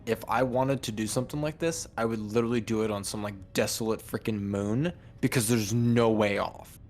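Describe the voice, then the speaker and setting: Low-pitched male co-host, laid-back, salty casual chat. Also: fairly even intonation, brisk. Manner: laid-back, swears often. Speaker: podcast co-host.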